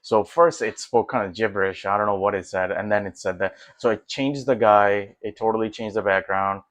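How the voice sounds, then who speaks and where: A man's voice: lowish voice, brisk, no room sound. A man talking casually as a tech vlogger, walking through his test results with lots of fillers and restarts. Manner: rambling, many fillers and restarts; excited, easygoing. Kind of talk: casual walkthrough commentary.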